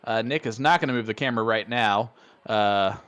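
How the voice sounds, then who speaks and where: A man with a Hoosier accent calls a darts match live, chatty and quick to laugh. His commentary is loose and excitable, with a playful edge. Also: fairly low pitch. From Indiana.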